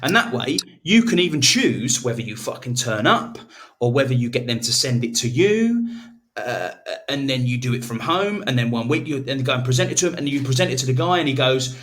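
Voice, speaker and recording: Male co-host, loose sweary chat, rambles, average pitch. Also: animated, a bit bright, slight background noise. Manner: sweary, rambling, slips into quick mock voices. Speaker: podcast co-host. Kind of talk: casual banter.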